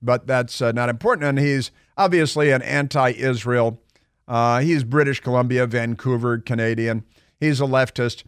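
A man's voice: medium pitch, normal speed, clear, resonant tone, no echo. A man hosting a talk radio show, delivering a sarcastic, mocking opinion monologue full of rhetorical questions into a studio microphone.

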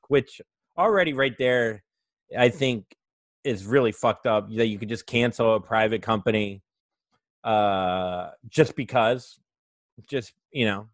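A man's voice: fairly low pitch, measured pace, no room sound, studio quality. A young adult man hosting a comedy podcast, ranting sarcastically with lots of swearing and mock voices. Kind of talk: comedic monologue.

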